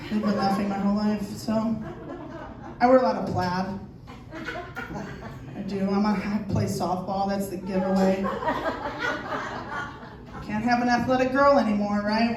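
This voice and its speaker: A woman in her thirties doing a crude, animated stand-up comedy set on a comedy theater stage, acting out scenes in shouted voices. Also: mid-range voice, unhurried, long pauses, a crowd in the background. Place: comedy theater stage before a laughing audience. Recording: distant, echoey club recording with audience noise.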